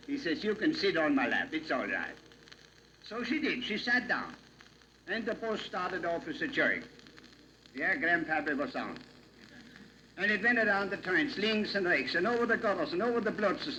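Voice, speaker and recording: A man's voice: high voice, sharp tone. A man playing a rambling old Pennsylvania Dutch professor who tells jokes in dialect, on a dull, hissy old recording. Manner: folksy, rambling joke-telling in dialect. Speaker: comic monologue character. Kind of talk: vintage comedy routine.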